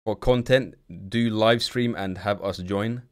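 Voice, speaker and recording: A man's voice: on the low side, measured pace, clean tone. Blunt, slangy young man. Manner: blunt, slangy, swears freely. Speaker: live streamer. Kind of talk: casual live-stream commentary.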